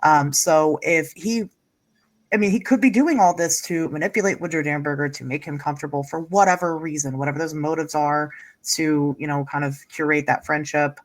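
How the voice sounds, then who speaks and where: A woman's voice: low-pitched, a little fast. A woman appearing as a podcast guest in casual interview talk, hedging her points with frequent fillers. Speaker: podcast guest, paranormal investigator.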